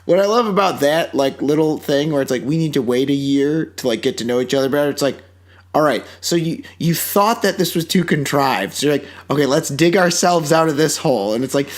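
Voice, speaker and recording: A man's voice: fairly high pitch, animated, brisk. Sarcastic man co-hosting a podcast. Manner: sarcastic, acts out characters in quoted voices, swears freely. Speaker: podcast co-host. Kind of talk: casual movie review chat.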